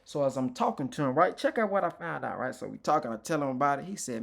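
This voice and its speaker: A man's voice: on the high side, expressive, fast talker, gravelly, fairly bright tone. Candid man telling his life story. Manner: candid, informal, with frequent restarts; emotional, reflective. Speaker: motivational speaker. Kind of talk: personal testimony talk.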